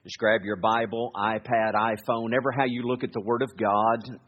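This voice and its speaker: Husky preacher in an echoey church. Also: male voice, fairly low pitch, level tone. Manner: earnest, halting restarts, slows to read scripture. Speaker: guest preacher. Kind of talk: sermon with prayer and scripture reading. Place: church sanctuary. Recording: echoey hall, dull lo-fi sound.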